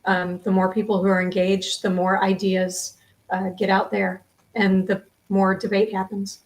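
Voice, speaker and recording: A woman's voice: mid-range voice, level tone, unhurried. A woman answering game show questions over a video call, hesitant with many restarts and ums. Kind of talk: casual answers.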